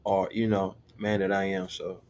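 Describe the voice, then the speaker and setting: Animated young man telling a story. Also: low voice, moderate pace, noisy background. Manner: animated, acts out quoted voices, slangy. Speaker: podcast co-host. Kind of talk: casual storytelling chat.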